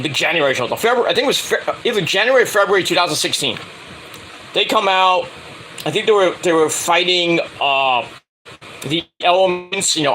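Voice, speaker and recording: A man's voice: a little high, bright, forceful tone, a little hiss or hum, rough recording. A middle-aged man telling a rambling casual story, full of filler words and restarts, acting out the lines he quotes. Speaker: wrestling show reviewer.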